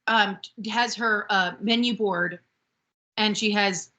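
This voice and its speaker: A woman's voice: medium pitch, slow, lo-fi sound. A woman co-hosting a podcast, chatting casually as she recaps a TV episode and acts out the characters' lines. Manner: animated, acts out quotes from the show. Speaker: podcast co-host.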